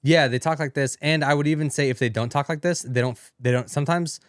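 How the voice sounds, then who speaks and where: A man co-hosting a casual commentary chat, easygoing and quick to agree. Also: fairly high pitch, steady tone, no echo, clean studio sound. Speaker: podcast co-host.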